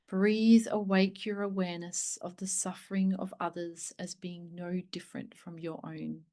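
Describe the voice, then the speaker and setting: Soft, slow-spoken woman reading meditatively. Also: medium pitch. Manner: soft, gentle, hushed, at times breathy near a whisper. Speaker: host reading a spiritual book aloud.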